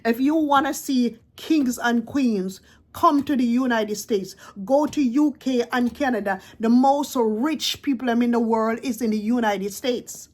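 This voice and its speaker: A woman's voice: fairly high pitch, measured pace. A woman, delivering a scolding, confrontational reaction rant as a vlogger and hammering her points over and over. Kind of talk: ranting reaction commentary.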